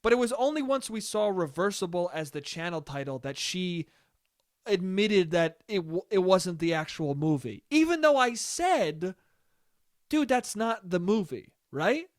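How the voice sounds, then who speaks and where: High-voiced man ranting a rambling story. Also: moderate pace, no room sound, studio quality. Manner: rambling, profane, animated storytelling. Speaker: podcast host. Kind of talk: casual solo podcast storytelling.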